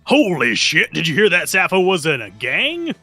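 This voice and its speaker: Bright, lively man reading game text. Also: high-pitched, moderate pace, no room sound, faint music behind. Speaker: game commentator.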